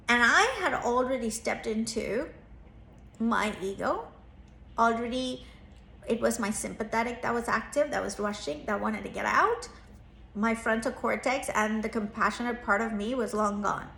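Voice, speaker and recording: Therapist mom in her 30s, kinda high voice, earnest and reflective storytelling, echoey room. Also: normal speed, vocal fry, fairly bright tone, slight background noise. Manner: earnest, reflective, acts out quoted lines with raised pitch. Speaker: therapist and parenting coach. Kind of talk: personal storytelling vlog.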